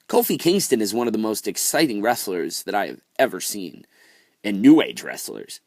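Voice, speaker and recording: A man's voice: fairly low pitch, no echo, studio quality. A young man ranting casually about wrestling on his vlog, exasperated, with lots of fillers and restarts. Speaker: wrestling vlogger. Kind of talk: casual opinion rant.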